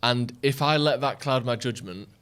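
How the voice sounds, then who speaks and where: A man's voice: medium pitch, moderate pace, fairly bright tone, clean tone. A man co-hosting a podcast in casual chat, jokey and stumbling over his words. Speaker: podcast co-host.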